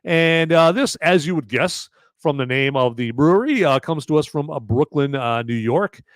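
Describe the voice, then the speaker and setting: A man's voice: a little high, animated, moderate pace, no room sound, studio quality. A man hosting a podcast, giving a casual movie and beer review, rambling with lots of fillers and asking "okay?" often. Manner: rambling with many fillers and okays. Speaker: podcast host.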